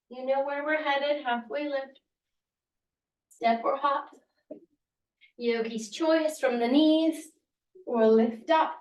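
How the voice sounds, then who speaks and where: Roomy yoga teacher guiding a class. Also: female voice, on the high side, darkish tone. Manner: encouraging, counting down breaths. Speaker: yoga instructor. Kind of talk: guided yoga class instruction. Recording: roomy sound, distant from the mic.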